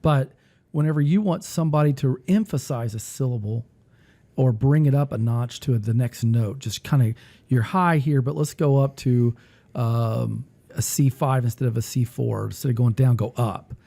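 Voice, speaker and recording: A man hosting a casual talk who rambles and thinks aloud while he clicks through music software. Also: medium pitch, normal speed, vocal fry. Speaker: music teacher and podcast host.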